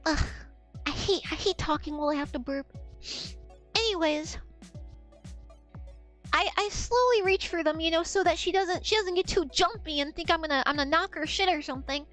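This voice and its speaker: Very high-voiced young woman streamer. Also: normal speed, long pauses, soft background music. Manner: animated, swearing, laughing mid-sentence. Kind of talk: casual storytelling on a livestream.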